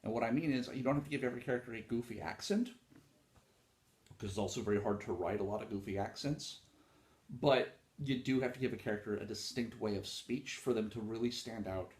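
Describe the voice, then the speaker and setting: A man's voice: on the low side, brisk, darkish tone. Casual rambling man in a roomy space. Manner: rambling and informal, with frequent fillers and some swearing. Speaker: podcast host talking about writing. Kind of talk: casual solo talk on writing craft.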